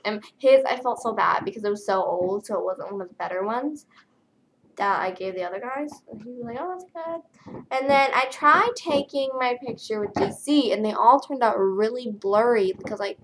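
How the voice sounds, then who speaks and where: A young woman vlogger tells a story in a tired, flat way and fills it with lots of "like" and "um". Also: on the high side, moderate pace. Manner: tired, flat delivery with many fillers. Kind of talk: casual storytelling vlog.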